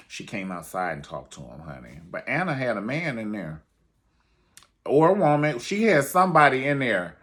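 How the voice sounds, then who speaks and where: A man's voice: fairly low pitch, a bit bright. A man reviewing a reality show in a sassy, theatrical way, calling everyone honey. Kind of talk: casual commentary video.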